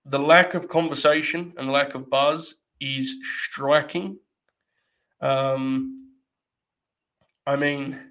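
A man with a slightly high voice talks casually through a live stream. He rambles and jokes with his chat in a wry, offhand way. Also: a bit bright. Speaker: wrestling podcast host.

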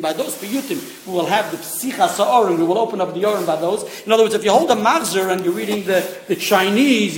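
A man's voice: high voice, a little hiss or hum. A man giving a rambling, digressive informal religious lesson, sprinkling in Hebrew and Yiddish terms. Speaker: Torah teacher. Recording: roomy echoey room.

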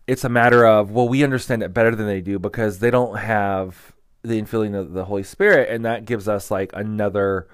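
A man's voice: lowish voice, fairly even intonation, a little fast, clear, resonant tone, no room sound. Brief: man in a dry, close room, candid storytelling teacher, keeps restarting. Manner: rambling, many "like" fillers and restarts. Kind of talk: casual teaching talk.

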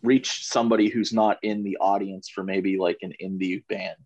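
A man's voice: low voice, fairly even intonation, moderate pace, a little mellow, no room sound, dull audio. A man in a casual music podcast chat, hedging and restarting as he gives his view.

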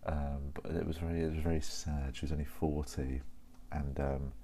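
A man's voice: a bass voice, little pitch movement, moderate pace, mellow, slight background noise. A man hosting a podcast, chatting casually and rambling at his desk, often correcting himself. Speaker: podcast host. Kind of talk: casual solo chat.

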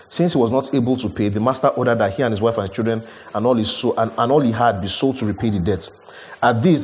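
A middle-aged man preaching a sermon, emphatic, swinging from loud rhetorical questions to low, quiet asides. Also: big-room sound, slight background noise.

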